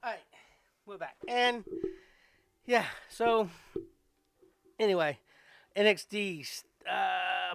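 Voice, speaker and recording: A man with a fairly high voice talks through a casual wrestling recap, rambling along with fillers and quick asides. The sound is dry and close, with no room around it. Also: vocal fry, fairly bright tone, clear, resonant tone, dry recording. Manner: chatty, loose, lots of fillers and asides. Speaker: podcast host.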